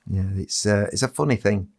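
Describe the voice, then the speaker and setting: A man in his sixties, a children's entertainer, telling stories on a podcast in a lively way and acting out what other people said. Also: fairly low pitch. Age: 60s. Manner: animated storyteller who acts out other people's lines. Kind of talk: casual anecdote telling on a podcast.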